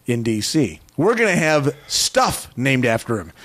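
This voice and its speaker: A man's voice: medium pitch, very animated, a little slow, fairly bright tone. A man co-hosting a casual podcast, tossing in dry wisecracks and reading items aloud. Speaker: podcast co-host.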